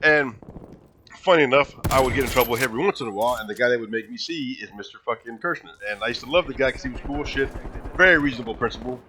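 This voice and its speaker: A young man in his twenties telling a funny, profane story from school in a casual, animated way. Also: medium pitch, fast, a little hiss or hum. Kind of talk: casual storytime over gameplay.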